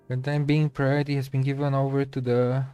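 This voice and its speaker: A man's voice: medium pitch, little pitch movement, a little fast, warm tone, smooth, close to an everyday voice. Man doing a stiff, officious male archive keeper from a game, formal and clipped, plain everyday voice, faint music under it. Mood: curt. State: unwell.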